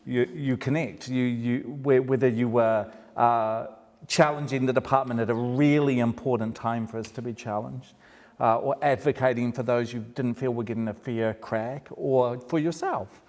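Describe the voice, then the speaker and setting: A man's voice: medium pitch, steady tone, moderate pace. A man interviewing a former student on stage, affirming and a little emotional. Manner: warm, affirming, gets emotional. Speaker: faculty interviewer. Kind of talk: onstage conversation. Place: campus event in a large room. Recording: long hall reverb.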